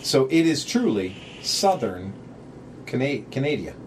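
A man in a relaxed podcast chat, talking at a middling pitch with a sarcastic, profane streak. He rambles from story to story. A faint hiss hangs behind his voice. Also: measured pace. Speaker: podcast co-host. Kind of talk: casual chat.

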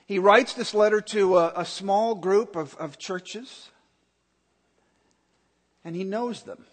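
High-voiced man preaching slowly in a hall. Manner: earnest, emphatic preaching with repetition. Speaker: pastor. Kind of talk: sermon.

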